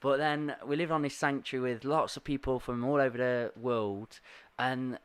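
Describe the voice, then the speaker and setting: A man's voice: mid-range voice, steady tone, moderate pace, clean tone. Chatty, enthusiastic podcast host man. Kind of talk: casual chat.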